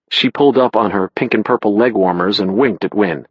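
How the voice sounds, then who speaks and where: A man narrating an audiobook in the first person with a wry, expressive delivery. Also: on the low side, normal speed, slightly rough, dry recording, poor audio.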